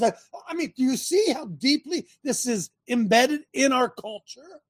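A man hosting a talk show, preaching and mocking in an animated way and throwing questions at his listeners. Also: very high-pitched, moderate pace, few pauses. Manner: animated, sermonizing, mocking, asks the audience questions.

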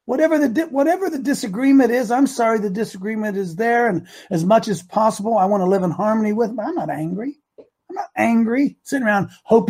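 An older man hosts a radio talk show in a high, husky voice. He lectures his listeners with fervor, building from steady talk into outright shouting. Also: brisk. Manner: preachy, rising to shouts.

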